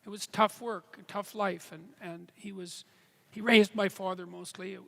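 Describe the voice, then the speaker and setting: A man from Canada answering audience questions on stage, halting and restarting phrases, with dry humor. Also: high-pitched, steady tone, creaky, fairly bright tone. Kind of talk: live Q&A on stage. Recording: live hall with long reverb.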